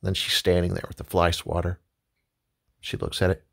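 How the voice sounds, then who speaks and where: A woman telling an improvised comic story in a low, dry, understated way. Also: flat delivery, normal speed, creaky, fairly bright tone. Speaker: comedy storyteller.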